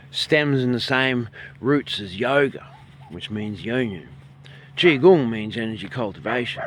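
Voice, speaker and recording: An Australian man leading a qigong and breathing lesson outdoors by a bay, filming on a handheld phone, calm and soft-spoken, his voice sometimes trailing off quietly. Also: mid-range voice, a little slow, a little hiss or hum. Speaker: qigong and meditation instructor. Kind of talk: guided breathing instruction. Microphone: handheld phone, filming himself.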